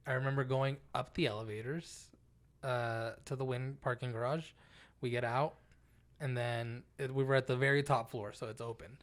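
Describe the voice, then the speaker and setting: Speaking at a moderate pace in a mid-range voice, this young male podcast co-host tells a story in relaxed conversation. He stays animated throughout, curses without holding back, and performs the quotes.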